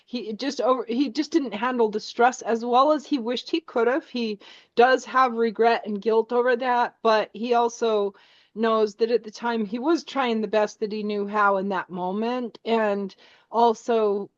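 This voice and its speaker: A woman working as a psychic medium, speaking gently and hesitantly with many restarts during a spiritual reading. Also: on the high side, no room sound. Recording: dull lo-fi sound.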